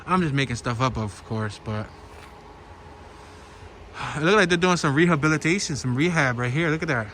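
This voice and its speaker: A man's voice: a little high, normal speed, pauses often, a bit bright. A man with a Philadelphia accent narrating a walking tour outdoors, chatting with viewers and thinking aloud as he strolls. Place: outdoors on a small-town street, walking. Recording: noisy outdoor walk with stream and traffic. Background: flowing stream and passing traffic.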